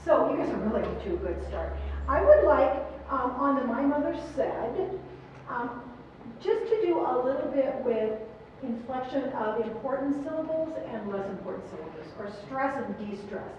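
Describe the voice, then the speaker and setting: A middle-aged woman runs a choral clinic, encouraging the choir and putting questions to the singers at a moderate pace in a high, expressive voice. The recording comes from a distant room mic in a big performance hall, so it's echoey, muffled and carries slight background noise.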